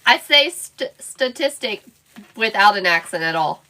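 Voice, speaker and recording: A woman hosts a live crafting stream, working away while she chats playfully and banters with viewers in the chat. Her mid-range voice is animated, pushed and bright, at a moderate pace.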